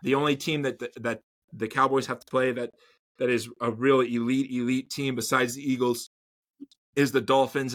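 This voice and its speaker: A man's voice: mid-range voice, sharp tone. A man co-hosting a podcast, chatting casually about football, rambling and repeating words as he goes. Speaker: podcast co-host. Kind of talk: casual sports chat.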